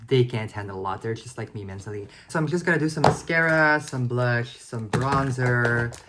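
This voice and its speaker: A woman's voice: extremely low pitch, normal speed, heavy background noise. A young woman in her twenties chatting casually to the camera in a vlog, self-deprecating and full of filler likes. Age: 20s. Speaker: vlogger.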